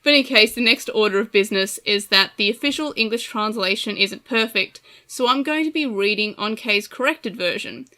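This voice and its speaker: A woman's voice: mid-range voice, brisk, few pauses, bright, forceful tone. A woman with an Australian accent, talking casually as the host of a podcast, chatty and self-deprecating.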